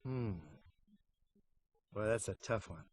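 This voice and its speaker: A man's voice: on the low side, slow pace, darkish tone, dry recording. Wry joking middle-aged man. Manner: wry, joking, puts on silly voices for anecdotes. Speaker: voice actor interviewed about a game. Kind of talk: casual behind-the-scenes interview.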